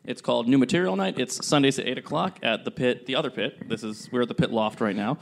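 A man's voice: mid-range voice, fast talker, vocal fry, a little hiss or hum. A man appearing as a comedian guest on a podcast, talking in a dry, wry way. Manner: dry, wry, self-deprecating. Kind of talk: casual comedy chat.

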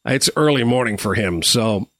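A middle-aged Canadian man hosting a live stream, telling stories in a loose, rambling way with plenty of "uh"s and restarts. His voice sits at an ordinary middle pitch. The sound is close and dry, with no room around it. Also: animated, normal speed, a bit bright, dry recording. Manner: chatty, rambling anecdotes with frequent restarts and fillers. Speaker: host. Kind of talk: casual storytelling on a live stream.

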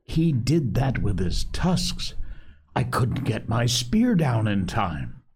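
A man's voice: medium pitch, very animated, slow pace, a little mellow, slight background noise, voice pushed up. A man reading an audiobook, voicing a bossy, hot-tempered boy who scolds sharply. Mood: scolding.

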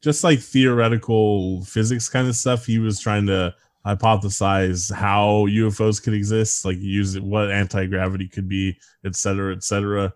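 This podcast co-host, a man in his thirties, has a sardonic, darkly humorous style and frequently laughs. His low-leaning voice stays level at normal speed with hardly any pauses, and the recording has no room sound.

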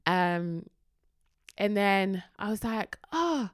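A woman's voice: lowish voice, moderate pace, clean tone, dry recording, clean studio sound. A young woman, telling a story in casual chat and acting out the voices of the people in it. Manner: animated, acts out voices in her stories.

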